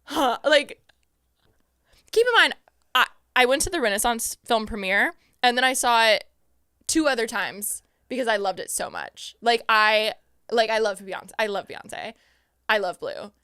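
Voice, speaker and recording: Bright, excitable young woman telling a story. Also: on the high side, measured pace, clean tone, dry recording, studio quality. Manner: excitable, animated quoting of herself. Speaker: podcast host. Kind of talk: casual storytelling chat.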